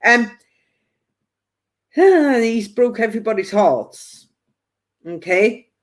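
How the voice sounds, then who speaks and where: A woman's voice: fairly high pitch, expressive, very slow. A woman working as a spiritual medium, giving a chatty live-stream psychic reading and passing on spirit messages with playful quoted asides.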